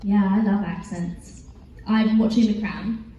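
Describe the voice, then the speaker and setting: A woman's voice: medium pitch, fairly even intonation, a little slow, mellow, muffled recording. A teenage girl with an English accent answering fan questions at a convention panel, chatty and giggly, rambling with lots of fillers. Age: teens. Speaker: actress, panel guest. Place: large convention hall. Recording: echoey hall from far off, faint noise.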